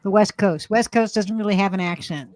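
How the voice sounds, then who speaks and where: A woman from Alabama, with an Alabama accent, co-hosts a livestream in casual chat, rambling, laughing a lot and swearing from time to time. She talks briskly in a mid-range, slightly mellow voice.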